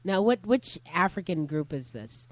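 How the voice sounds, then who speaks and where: A woman co-hosting a talk show, chatting casually and reacting quickly to her partner. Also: fairly low pitch, big pitch swings, no echo. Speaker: co-host. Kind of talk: casual chat.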